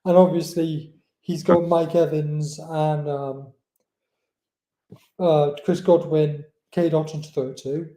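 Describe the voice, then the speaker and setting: A man's voice: on the high side, level tone, slow, dark tone. A man co-hosting a casual sports podcast, enthusiastic with hesitant starts. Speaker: podcast co-host. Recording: echoey room.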